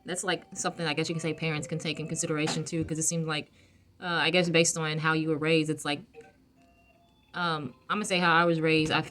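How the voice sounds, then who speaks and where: Low-voiced woman vlogging, soft and unhurried. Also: little pitch movement, soft background music. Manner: soft-spoken, unhurried, many fillers and restarts. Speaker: vlogger giving emotional wellness advice. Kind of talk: casual reflective talk to camera.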